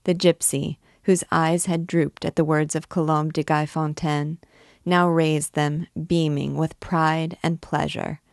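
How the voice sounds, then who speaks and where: A woman reading a classic novel aloud in a measured, expressive storytelling manner. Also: low-pitched, no room sound, studio quality. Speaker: reader.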